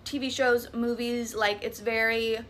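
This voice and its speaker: A woman's voice: a little high, little pitch movement, a little slow, a bit bright, slight background noise. A young woman with a Southern US accent, dramatically telling a scary story in a chatty, profane, casual way. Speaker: TikTok creator.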